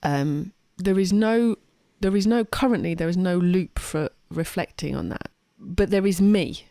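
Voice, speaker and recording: A woman co-hosts a casual podcast, rambling emphatically and often restarting or correcting herself. Her voice is fairly low, warm, and unhurried, recorded at studio quality with no echo.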